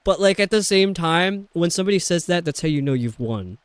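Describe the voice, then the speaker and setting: Rambly guy playing a game on stream, kinda high voice, talks easy. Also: animated, brisk, clear, resonant tone, no room sound. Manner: chatty, rambling, lots of fillers and restarts. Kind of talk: casual chat while playing a video game.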